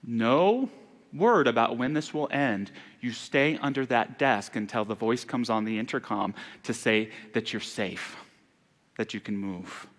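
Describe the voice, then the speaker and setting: A man delivering a Sunday sermon as minister, earnest and turning hushed on sorrowful passages. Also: mid-range voice, measured pace. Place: church sanctuary. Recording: long hall reverb in a church.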